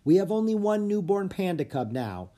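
A reader voicing a brisk, instructive woman who leads visitors around a research center, in a children's audiobook. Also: medium pitch, sing-song, warm tone, voice pushed up. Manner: instructive, guide-like. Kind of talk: audiobook character voice.

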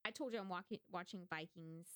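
A woman co-hosting a podcast in casual chat, telling stories with lively acted-out quotes and free swearing. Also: on the low side, fairly quick, dry recording, clean studio sound. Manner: animated storytelling, swears freely. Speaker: podcast co-host.

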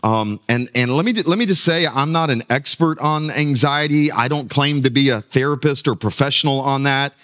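A man preaching a sermon to his congregation, his pitch sitting in an ordinary middle range. He often stumbles over and repeats words as he builds emphasis, then climbs higher as he presses a point. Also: moderate pace, few pauses, fairly bright tone. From United States. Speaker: pastor.

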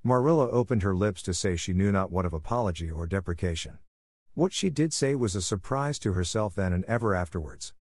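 A man narrating a classic novel as an audiobook in a steady, even reading. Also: low-pitched, a little fast, no room sound, clean studio sound.

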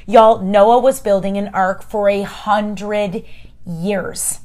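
A woman's voice: mid-range voice, measured pace. Chatty encouraging woman host. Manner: chatty, emphatic, addresses listeners as friends. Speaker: podcast host. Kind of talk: casual faith encouragement talk.

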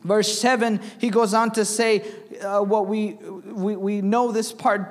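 A man's voice: high-pitched, flat delivery, measured pace, long reverb tail. A young man preaching a sermon in church, reading scripture aloud and asking the congregation questions. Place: church sanctuary.

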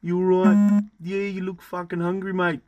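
A man voicing a rough, cheery British bloke who swears and pushes food. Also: high voice, level tone, normal speed, darkish tone, dry recording, muffled recording, natural voice. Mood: pushy. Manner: swearing, pushy.

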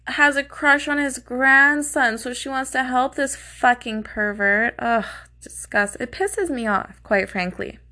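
A woman narrates a true crime case in a loose, conversational way. Her voice sits a little high, with a bright, sharp edge. She sounds indignant and curses freely. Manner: indignant, profane, blunt.

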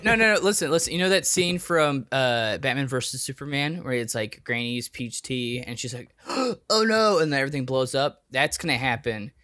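A man's voice: mid-range voice, a little fast, few pauses, bright, forceful tone, no room sound. Male podcast co-host, dry close recording, playful, absurd riffing. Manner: spins absurd scenarios, laughing. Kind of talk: casual chat.

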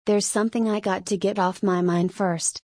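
A woman's voice: medium pitch, fairly even intonation, moderate pace, a little mellow, no room sound, lightly acted. A woman reading the lines of a stubborn, plain-spoken middle-aged man who talks bluntly and folksily, in a dry, close recording. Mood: musing.

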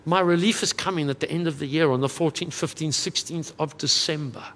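A male pastor preaching a sermon in an earnest, conversational way, with quick asides. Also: on the high side, a bit bright, long reverb tail, a little hiss or hum.

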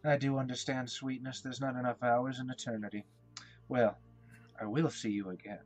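A man's voice: mid-range voice, level tone, normal speed, darkish tone, natural voice. A man putting on a sultry flirtatious ghost woman. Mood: coy. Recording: faint background music.

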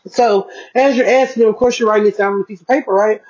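Chatty mom vlogger, dull lo-fi sound. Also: female voice, mid-range voice, fairly even intonation, quick pace, a little mellow. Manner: chatty, talks straight to viewers, keeps checking in. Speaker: parenting vlogger. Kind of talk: casual budgeting vlog.

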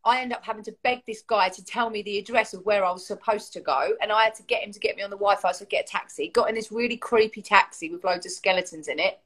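An English woman, a singer guesting on a show, telling a story in an animated way and acting out other people's lines. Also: medium pitch, fast talker, hardly any pauses. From England.

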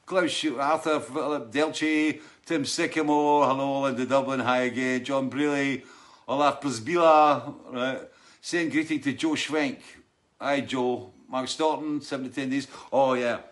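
A man's voice: medium pitch, fairly even intonation, unhurried. A man hosting a live show, chatting casually with many restarts and frequent laughs as he greets viewers by name. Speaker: host of a live online show. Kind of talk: casual chat reading out viewer names.

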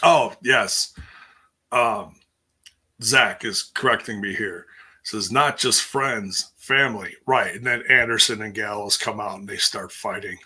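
A man's voice: fairly low pitch, fairly even intonation, unhurried, sharp tone, slightly rough. A man hosting a casual live stream, rambling through a recap with lots of fillers and restarts while reading viewer comments. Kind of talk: casual chat.

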